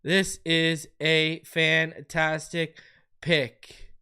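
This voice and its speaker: A man hosting a live sports draft reaction stream, excitedly repeating phrases and hyping each pick. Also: on the high side, drawn-out words, clean tone. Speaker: host of a sports fan channel.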